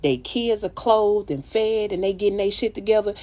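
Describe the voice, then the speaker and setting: A makeup artist livestreams to her followers, delivering a blunt, profane, preachy pep talk and calling them baby and child. Her voice is mid-range with a dark tone, and she speaks at a normal speed.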